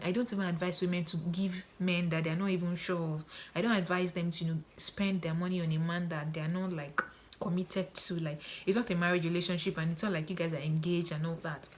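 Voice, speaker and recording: A woman's voice: fairly low pitch, fairly even intonation, fast. Earnest woman repeating advice for emphasis. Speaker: relationship advice vlogger. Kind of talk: casual advice talk to camera.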